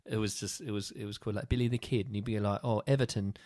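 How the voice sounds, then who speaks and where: Fast-talking man with a low voice. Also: dry recording. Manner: quick, animated storytelling. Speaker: comedian and podcast guest. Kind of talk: casual chat.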